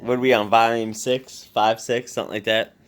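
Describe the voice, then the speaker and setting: A man's voice: mid-range voice, level tone, brisk. A man making a casual home video, chatting easily and talking to his dogs in a playful sing-song voice. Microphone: handheld phone camera.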